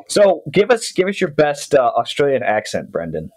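Giggly podcast host man, lively pitch. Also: a little slow, poor audio. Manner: giggly, playful teasing. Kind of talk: casual chat.

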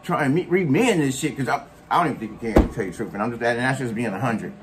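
A man's voice: mid-range voice, animated, fast talker, music in the background. Man ranting with scolding slang. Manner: scolding, mocking, heavy slang and cursing. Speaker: commentary vlogger. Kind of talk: profane reaction rant.

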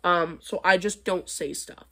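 A woman's voice: on the low side, a little slow, fairly bright tone. A young woman vlogging, reacting to comments in a blunt, sarcastic way and laughing between her points. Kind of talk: casual vlog commentary.

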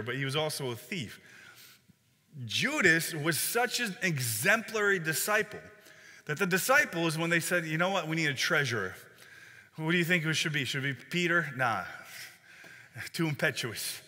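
A man's voice: on the high side, bright, forceful tone. A man preaching a sermon as pastor, conversational, with frequent fillers and restarts. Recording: long hall reverb.

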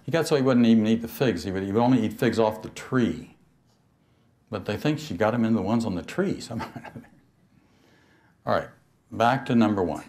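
A man's voice: on the low side, lively intonation, normal speed, long pauses, darkish tone. Older man, storytelling lecturer, chuckles, asks the audience questions. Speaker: speaker on mysticism. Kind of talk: spiritual talk to an audience.

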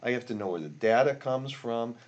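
An older man teaching a software tutorial while recording his screen, rambling and grumbling about bugs as he works. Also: medium pitch, lively intonation, a little fast, highs cut off. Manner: rambling, easily frustrated, grumbling asides. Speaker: instructor.

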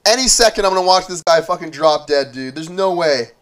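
A young man streaming a game, excitable and swearing, shouting orders to his teammate. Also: a little high, fairly quick. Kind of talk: live gameplay commentary. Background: background music.

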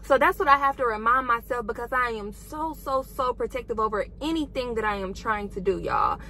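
Parked in her car, a young woman vlogs an emotional, faith-filled pep talk, calling her viewers "y'all" and "girl" in casual, encouraging talk. Her voice is on the high side and sharp-toned, a little fast, and the audio is poor with slight background noise.

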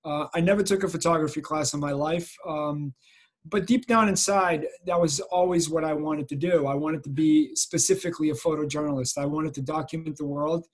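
A man's voice: fairly high pitch, fairly even intonation, a little fast. A middle-aged man from Massachusetts giving an informal talk about his photojournalism over a video call, earnest and reflective with many ums. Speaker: photojournalist guest speaker. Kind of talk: informal lecture.

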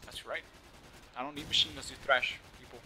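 A young man with a slight lisp giving casual, joking live commentary over his own shooter gameplay, swearing often and yelling at other players. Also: mid-range voice, steady tone, a little fast, a little hiss or hum. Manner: joking, swears often, yells at opponents and teammates.

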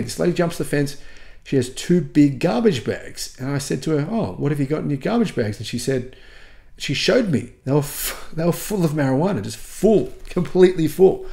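This man has an Australian accent and a mid-range, creaky voice with a dark tone. As a channel host, he earnestly tells rambling travel anecdotes to his viewers in casual vlog style, restarting his sentences often.

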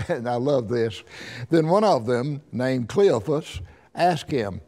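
A man with an Alabama accent teaching a Bible lesson in a folksy, halting way, often repeating his words. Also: mid-range voice, lively intonation, dark tone.

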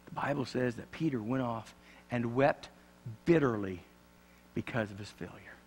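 A man preaching a sermon in a church, swinging dramatically from loud passages to hushed ones. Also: mid-range voice, a little slow, slight background noise. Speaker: pastor. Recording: long church reverb.

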